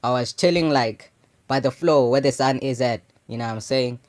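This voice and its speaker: With a medium-pitched voice and moderate pace, a young adult man hosting a channel relates a personal story. He rambles loosely in slang, dropping casual asides and repeated "you know what I'm saying."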